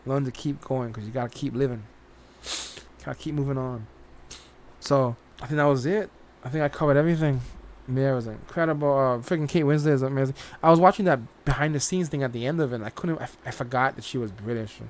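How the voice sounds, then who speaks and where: A man's voice: medium pitch, fast talker. A man hosting a reaction channel, giving a rambling, casual spoken review, often restarting his sentences and swearing now and then.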